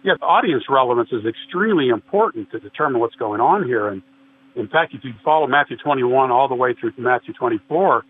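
A man's voice: mid-range voice, expressive, a little fast. Earnest man over a tinny line. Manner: earnest, explanatory, quotes scripture at length. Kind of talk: conversational religious discussion. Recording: tinny phone-like line with faint hiss.

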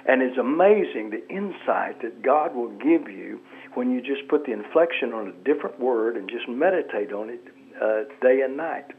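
A man's voice: mid-range voice, animated, normal speed, slight background noise. Male guest over a tinny phone line. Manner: earnest, reflective, preacherly. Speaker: guest author and pastor. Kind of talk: radio interview by phone.

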